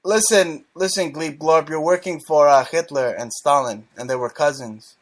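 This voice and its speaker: A man's voice: fairly high pitch, normal speed, poor audio. A man hosting a prank call show who talks in a crude, mocking and provocative way.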